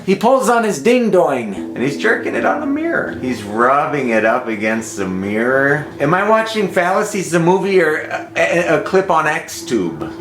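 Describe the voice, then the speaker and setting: A man calls out a crude, exclamatory play-by-play as he reviews a film in casual commentary. His mid-range voice rings in an echoey room, with a faint hiss of noise behind him. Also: mid-range voice. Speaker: movie reviewer.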